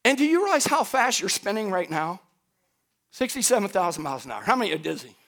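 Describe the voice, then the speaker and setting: A middle-aged man preaches with a strikingly high voice and a gravelly edge. His delivery swings widely in pitch, folksy and direct, building to shouts at the peaks. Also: fast. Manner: animated preaching, rising to shouts at high points; folksy, addresses the congregation directly. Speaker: pastor. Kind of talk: sermon.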